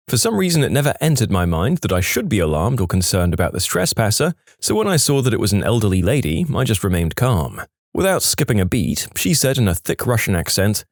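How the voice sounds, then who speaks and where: A man narrating online stories in an expressive, scripted storytelling manner. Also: fairly low pitch, dry recording, studio quality.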